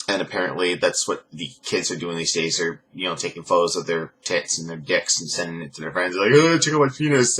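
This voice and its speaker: A young man rambling sarcastically as he recaps a reality show, mocking people in high put-on voices. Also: sharp tone. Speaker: reviewer. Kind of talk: casual recap commentary.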